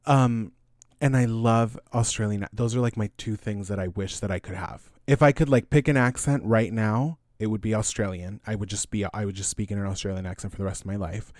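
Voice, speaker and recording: A man's voice: on the low side, fairly even intonation, fairly quick, darkish tone, no room sound, studio quality. A man co-hosting a podcast, chatting in a playful, goofy way. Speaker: podcast co-host. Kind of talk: casual chat.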